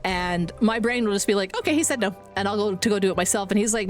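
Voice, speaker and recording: A woman in her forties talks fast in a mid-range voice, chatting casually on a live game stream. She rambles, swears offhandedly, and laughs a lot, with faint music playing in the background.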